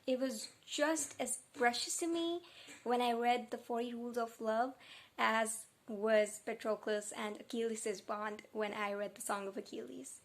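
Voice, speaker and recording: A young woman talks through her reading vlog in an unhurried, drawn-out way, her voice sitting a little high. She gushes with feeling and sounds close to tears. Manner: emotional, gushing, close to tears. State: tearful. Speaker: book vlogger. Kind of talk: casual reading vlog chat.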